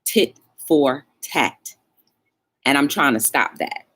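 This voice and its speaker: A woman's voice: a bass voice, expressive, slow, a bit bright, husky. A woman hosting a live talk show, telling a story and acting out both sides of the dialogue, and calling her viewers y'all.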